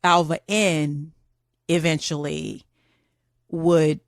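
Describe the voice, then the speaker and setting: A woman with a lowish voice tells a history story on a podcast, chatty and animated, sprinkling in casual asides. The sound is dry and close, with no room around it. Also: drawn-out words, no room sound. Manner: chatty, animated, says "girl" and "like".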